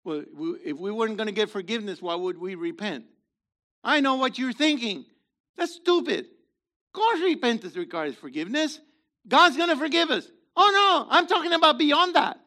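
A man preaching a sermon in a theatrical way, acting out voices and swinging from shouts to hushed asides. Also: high-pitched, sing-song, normal speed.

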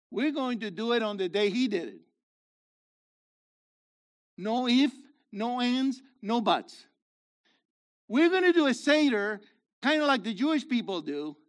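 A man leading his congregation in a sermon, asking them questions and building to emphatic, rhetorical peaks. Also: high-pitched. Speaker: messianic congregation leader.

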